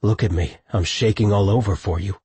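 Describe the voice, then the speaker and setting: A man voicing an anguished young male lover in an audiobook, with a husky voice. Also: fairly low pitch, brisk, mellow, dry recording. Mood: urgent. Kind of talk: audiobook narration.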